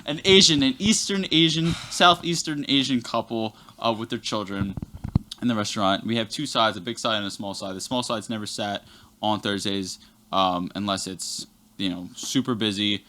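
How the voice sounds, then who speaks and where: A man's voice: on the low side, normal speed, a little hiss or hum. Profane rambling young man telling stories. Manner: profane, rambling, animated storytelling. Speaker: podcast guest. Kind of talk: casual podcast chat, storytelling.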